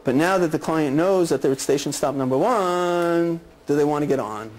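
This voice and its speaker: A man's voice: fairly high pitch, normal speed, a little mellow, low-quality recording. A man lecturing a class of clinicians in a conversational way, often checking in with "okay?" and "right?". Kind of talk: lecture with role-play examples.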